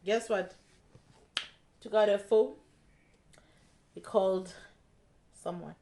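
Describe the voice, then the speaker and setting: Woman, young, unhurried storytime delivery, lowish voice, acts out the dialogue. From South Africa. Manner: animated retelling, acting out quoted dialogue. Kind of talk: casual storytime vlog.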